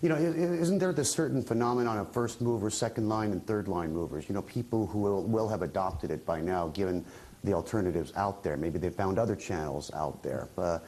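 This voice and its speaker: Low-voiced male business news host. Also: a little fast, a little mellow, low-quality recording. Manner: conversational, probing questions with fillers. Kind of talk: broadcast interview.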